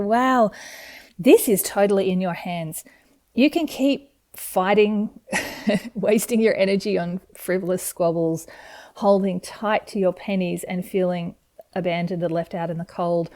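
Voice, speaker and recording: A woman's mellow, relaxed voice reads tarot cards for her viewers. She speaks in a gentle, encouraging way and sounds openly excited about each card. It comes across as a home video made in front of a camera. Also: fairly low pitch. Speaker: tarot reader.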